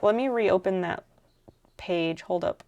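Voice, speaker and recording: A woman's voice: lowish voice, a little slow, creaky, a little mellow. A woman streaming live while she crafts, musing aloud as she works and answering her viewers' chat in a casual way.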